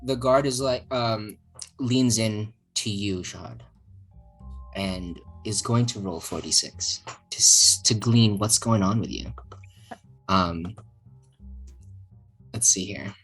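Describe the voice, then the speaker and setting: Game master: woman with a very low, husky voice, slow and unhurried, giggly and halting. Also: faint music behind, low-quality recording. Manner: casual, giggly, halting with many fillers. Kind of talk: narrating a tabletop game with friends.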